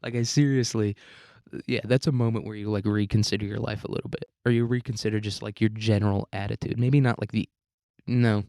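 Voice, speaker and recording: A man's voice: fairly low pitch, fairly even intonation, a little fast, warm tone, no room sound, studio quality. A man hosting a solo podcast, talking casually in a rambling, profane, self-mocking way and laughing often. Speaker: podcast host.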